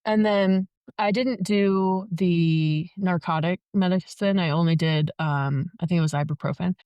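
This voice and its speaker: A woman's voice: fairly low pitch, steady tone, a little slow, darkish tone, clear, resonant tone, dry recording, highs cut off. A young woman telling her story as a podcast guest in casual chat, full of "like" fillers. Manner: chatty, many "like" fillers.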